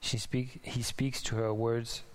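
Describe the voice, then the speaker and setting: A man preaching a sermon in a conversational, musing way, restarting thoughts and now and then laughing softly. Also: mid-range voice, little pitch movement, measured pace. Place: church in Denmark.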